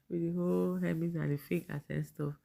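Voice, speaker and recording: A young Nigerian woman talks through reality-show gossip in a relaxed, mellow voice that sits low and gravelly. She chats casually, laughs a lot and drops into pidgin now and then. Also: normal speed. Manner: chatty, laughs often, mixes in pidgin. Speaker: vlogger. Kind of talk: casual commentary reading fan posts.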